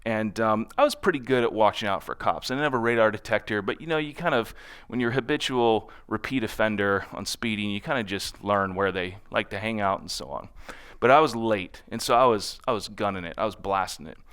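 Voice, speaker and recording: Speaking at a conference before an audience, a man tells anecdotes conversationally and keeps checking in with "right?". His voice is fairly low and fairly quick, with a slightly bright, clear, resonant tone.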